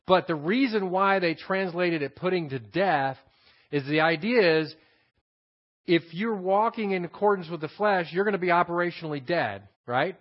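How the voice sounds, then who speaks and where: Texan pastor in a dull, lo-fi recording. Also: male voice, sits high, normal speed. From Texas. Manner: repeats key phrases, explains Greek words. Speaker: pastor teaching scripture. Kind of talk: expository Bible teaching.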